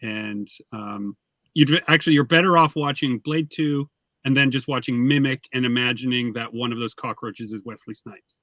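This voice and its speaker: A man reviewing a film in a casual chat, dropping wry, deadpan jokes. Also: medium pitch, moderate pace, dry recording.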